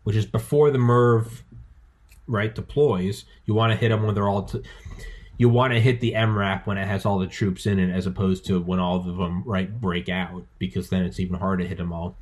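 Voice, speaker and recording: A man in his thirties hosting a casual podcast chat, talking excitedly and profanely, stumbling over repeated words as he rambles. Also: deep voice, normal speed.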